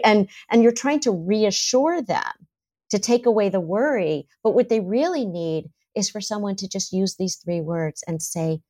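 A woman's voice: medium pitch, normal speed. A middle-aged woman, a therapist, talking in a podcast interview and acting out what parents and children say. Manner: animated, acts out parents' and children's voices. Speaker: therapist and author, guest.

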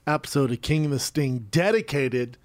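A man's voice: mid-range voice, lively intonation. A man co-hosting a podcast in casual banter, teasing and swearing freely. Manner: profane, teasing, quick comebacks. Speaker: podcast co-host.

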